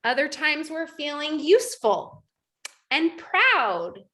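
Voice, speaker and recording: A high-pitched woman in her thirties leads a coaching call over video. She talks in a lively way and acts out her own inner thoughts in quoted voices. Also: takes it slowly. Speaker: life coach.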